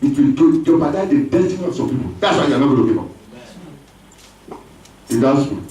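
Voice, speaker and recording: A man preaching a sermon as pastor, lively, with call-and-response and acted voices. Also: a little high, fairly quick. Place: church hall. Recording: echoey church hall from far off.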